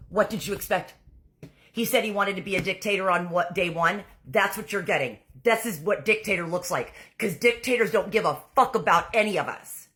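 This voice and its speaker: A woman's voice: lowish voice, fairly bright tone. A woman ranting scornfully, firing rhetorical questions. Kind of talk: indignant rant.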